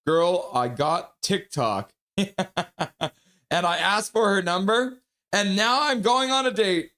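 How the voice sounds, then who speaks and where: A man hosting a live hockey stream, chatty and laughing often as he reads out viewers' messages. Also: a little high. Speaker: hockey stream host reading chat. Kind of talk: casual live-stream chat.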